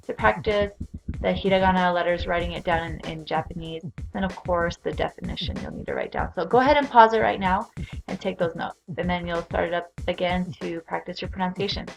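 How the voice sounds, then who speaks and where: A woman teaching a recorded beginner language lesson, speaking clearly and patiently as she leads repeat-after-me drills. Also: fairly low pitch, expressive, quick pace, faint music behind. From Utah.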